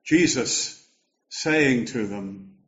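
Older male preacher, mid-pitched, unhurried, emphatic delivery, muffled recording. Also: animated, fairly bright tone. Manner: slow, measured preaching with emphatic rises. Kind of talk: sermon.

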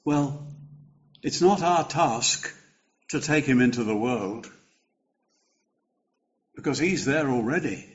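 Slow, measured older male preacher. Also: mid-range voice, lo-fi sound. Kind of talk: sermon.

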